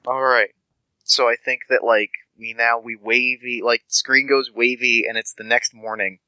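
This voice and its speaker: A man's voice: medium pitch, little pitch movement, normal speed, bright, forceful tone, clear, resonant tone, no echo, rough recording. A man running a tabletop game as game master, narrating in a loose, conversational way.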